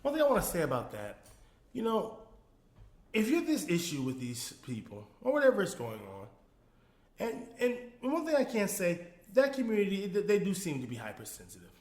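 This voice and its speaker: Male commentary host, casual and lively, higher voice, roomy echoey sound. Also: brisk. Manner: animated, laughing often, addresses viewers as y'all. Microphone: phone.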